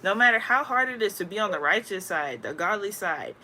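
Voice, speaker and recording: Casual woman spiritual vlogger, slangy, rambling storyteller, mid pitch, faint hiss. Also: lively intonation, brisk, bright, forceful tone. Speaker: spiritual content creator.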